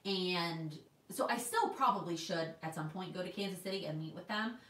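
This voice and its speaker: A woman's voice: lowish voice, moderate pace, fairly bright tone, roomy sound, far from the mic. A woman in her twenties from Texas, chatting casually on a livestream and reading out viewer comments. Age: 20s. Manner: chatty, reads viewer comments aloud, restarts often. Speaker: planner vlogger. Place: home in New York.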